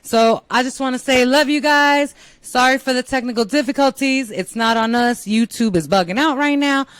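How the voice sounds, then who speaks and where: A woman's voice: high voice, moderate pace, smooth, no room sound. A young woman hosting her own show, ranting bluntly and exasperatedly, with lots of swearing. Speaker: show host. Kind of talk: profane comedic rant to camera. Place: San Diego.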